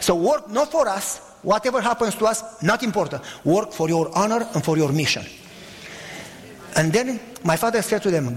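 A middle-aged male pastor preaches in a high, lively voice, his pitch leaping up and down as he presses questions on the congregation. His words ring out with a long hall reverb behind them. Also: creaky. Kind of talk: sermon.

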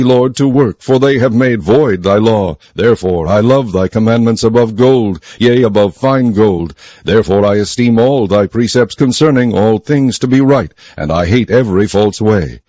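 A man giving a solemn, measured scripted reading of scripture. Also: on the low side, a little mellow, no room sound. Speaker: scripture reader.

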